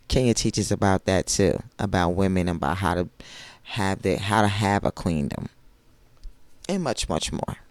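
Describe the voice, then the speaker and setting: Hoarse, gravelly man gushing over a recap. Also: on the low side. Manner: gushing, chatty storytelling with asides. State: hoarse, voice not fully recovered. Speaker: reality TV recap host. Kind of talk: casual TV recap commentary.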